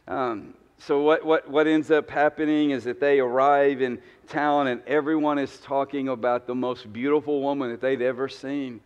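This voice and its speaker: A man's voice: mid-range voice, fairly even intonation, moderate pace, smooth, long reverb tail. A man, preaching a humorous sermon with joking, conversational storytelling. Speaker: pastor. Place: church sanctuary.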